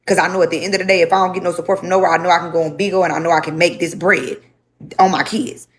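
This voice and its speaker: A woman's voice: on the low side, steady tone, rapid-fire. A young woman telling her story to a livestream audience, speaking bluntly with lots of swearing and repetition.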